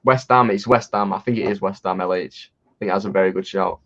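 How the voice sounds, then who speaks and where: A man's voice: low voice, steady tone, brisk, a bit bright. A man co-hosting a casual livestream while watching football, chatty and laughing often, with rambling restarts. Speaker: livestream co-host. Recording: dull lo-fi stream audio.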